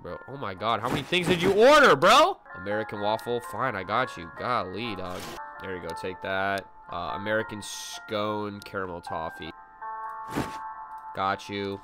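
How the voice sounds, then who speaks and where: A man giving let's play commentary to his chat, excitable and full of slangy exclamations as he reacts to the game. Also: on the low side. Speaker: gaming video creator.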